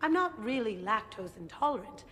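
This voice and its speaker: Brief: playful deadpan thief, reverberant sound, game dialogue. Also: female voice, a little high, normal speed, slight background noise. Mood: wry. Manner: deadpan humor. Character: playful young female thief, wry. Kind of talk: video game voice acting.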